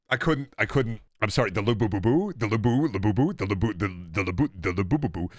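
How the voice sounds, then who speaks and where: A man's voice: on the low side, expressive, fast, few pauses, darkish tone, no room sound, studio quality. A man streaming a game, chatting casually and joking around with his chat, swearing freely. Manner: joking, swears, riffs on impressions. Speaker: gaming streamer.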